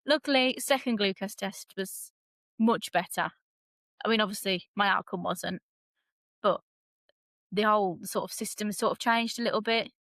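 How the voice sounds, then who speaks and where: A young British woman guest on a podcast, telling her story in a lively, dramatic way and laughing often. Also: medium pitch, dry recording. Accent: British English. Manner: animated, self-described dramatic, laughs often. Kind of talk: casual storytelling interview.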